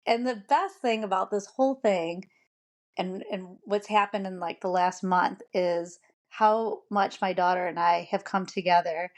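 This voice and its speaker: An American woman in her forties talks openly as a podcast guest. She speaks in an earnest, emotional way, trailing off and restarting her sentences. Her pitch sits in the middle range. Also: a little slow, a little mellow. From United States. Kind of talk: candid personal storytelling.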